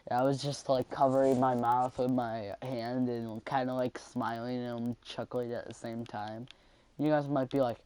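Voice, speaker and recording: A man's voice: medium pitch, steady tone, a little slow, a little mellow, no room sound. A young man telling a school story in a casual vlog, rambling with lots of swearing and fillers.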